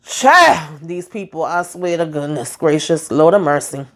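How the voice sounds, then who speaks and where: A woman recaps a TV episode in a loose, chatty way. She sounds exasperated and animated, throws in slangy asides, and acts out the characters' lines as she retells each scene. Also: deep voice, unhurried, hardly any pauses. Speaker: TV show recap host.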